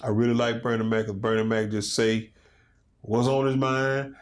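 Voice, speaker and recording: A man in his fifties chats casually as an interview guest, spinning stories in an animated, loose way. His voice sits at an ordinary middle pitch for a man. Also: normal speed. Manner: animated storytelling, loose and conversational. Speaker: comedian and guest.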